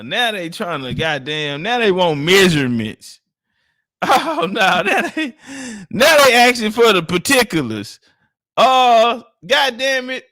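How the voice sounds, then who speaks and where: High-voiced man bantering with chat. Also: big pitch swings, takes it slowly, sharp tone, no echo, clean studio sound. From Texas. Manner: joking, boastful, profane banter. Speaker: livestream host. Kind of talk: casual livestream chat with viewers.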